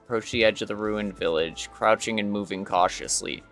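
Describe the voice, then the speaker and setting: Brief: male streamer, low voice, reads quest text aloud with ums, faint music under. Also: normal speed, fairly bright tone. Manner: reads second-person story text, with hesitant fillers. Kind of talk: reading a game quest aloud.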